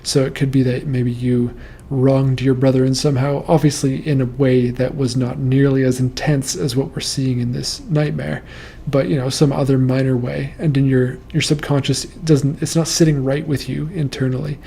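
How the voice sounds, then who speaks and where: A man talks through listeners' nightmares in a calm, reassuring host's commentary. His voice has a gravelly fry and a dark, mellow tone. His delivery stays steady and flat rather than lively. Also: medium pitch, a little hiss or hum. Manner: calm, measured, reassuring explanations. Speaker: host reading and interpreting nightmares. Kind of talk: casual commentary on listener dream posts.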